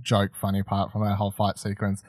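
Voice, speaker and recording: A man's voice: fairly low pitch, monotone, fairly quick, darkish tone, no echo, clean studio sound. A man co-hosting a casual film podcast, rambling and swearing freely as he acts out lines. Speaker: podcast co-host.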